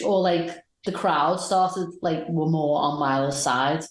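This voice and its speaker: Low-voiced woman, roomy sound. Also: slow, few pauses. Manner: rambling, enthusiastic match recaps. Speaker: podcast co-host. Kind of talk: casual podcast chat.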